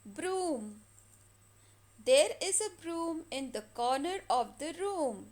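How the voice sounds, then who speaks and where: A woman teaching a phonics lesson to children, stretching and repeating each word slowly for practice. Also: high voice, animated, a little mellow. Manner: slow, drawn-out words repeated for practice.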